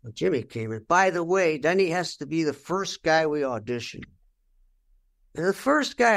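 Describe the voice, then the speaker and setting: A man's voice: fairly high pitch, big pitch swings, moderate pace, creaky, fairly bright tone. An older man giving a candid interview, telling stories bluntly and with a lot of swearing, and acting out what he said back then. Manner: blunt, profane, acts out his own past remarks. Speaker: rock guitarist interviewed.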